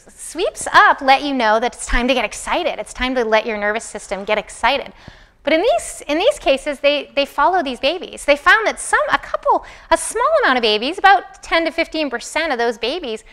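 A woman's voice: high-pitched, smooth. A woman lecturer talking to a class in a conversational way, asking the students questions directly. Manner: acts out soothing and excited voices. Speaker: university lecturer. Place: lecture room.

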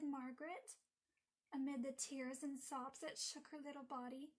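A woman teaching Sabbath School, reading a bedtime story aloud to children in an expressive, storytelling way. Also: high voice, measured pace.

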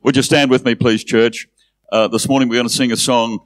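A man's voice: mid-range voice, fairly even intonation, a little fast, no echo. A male pastor leading the church into a song and altar call, earnest and inviting, repeating phrases for emphasis.

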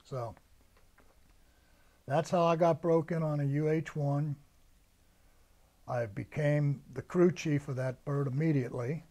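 Older male veteran, somewhat high voice, storyteller who acts out his old sergeants' orders. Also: steady tone, measured pace, long pauses, warm tone. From United States. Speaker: veteran interviewee. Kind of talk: oral history recollection.

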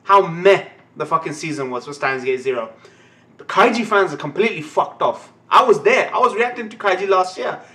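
A young man giving a live anime reaction, excitable and ranting, swearing constantly. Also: sits high, brisk. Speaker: anime reaction channel host.

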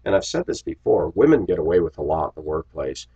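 Deep husky man, blunt storyteller. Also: very animated, fast talker, dark tone, dull audio. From Los Angeles, USA. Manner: blunt, opinionated, often clears his throat. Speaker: bus driver. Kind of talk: casual storytelling monologue.

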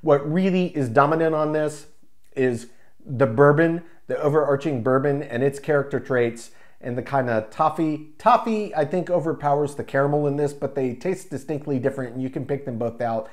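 A man's voice: mid-range voice, moderate pace. A man reviewing a craft beer in a casual, enthusiastic way, describing flavors in loving detail. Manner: enthusiastic, descriptive, savoring each word.

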